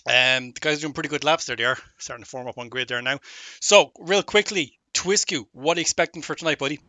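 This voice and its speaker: A man's voice: medium pitch, fast, sharp tone, dry recording. A man hosting a live sim racing broadcast from home, trading jokey, upbeat banter with his co-commentators. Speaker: race broadcast host. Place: home setup on a remote call.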